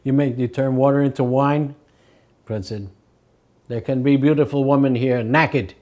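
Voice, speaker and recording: Older man telling stories, mellow voice. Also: mid-range voice, fairly even intonation, normal speed. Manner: acts out quoted voices, chuckles between stories. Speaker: devotee recalling memories. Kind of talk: anecdotal storytelling.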